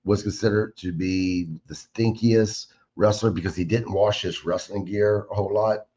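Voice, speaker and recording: A man in his fifties hosting a podcast, relaxed and asking questions in a casual chat. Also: lowish voice, normal speed, lo-fi sound, slight background noise. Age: 50s. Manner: relaxed, short agreeing replies. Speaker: podcast host.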